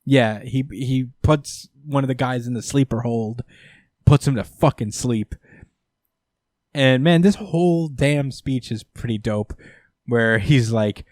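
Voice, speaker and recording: A man's voice: mid-range voice, slow pace, darkish tone, dry recording, clean studio sound. A man hosting a podcast, casually recapping a comic book with swearing and laughs. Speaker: podcast host.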